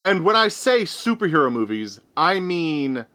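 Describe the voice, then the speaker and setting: A man in casual chat about films, animated and stumbling over quick restarts. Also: a little high. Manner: animated, stammers through restarts.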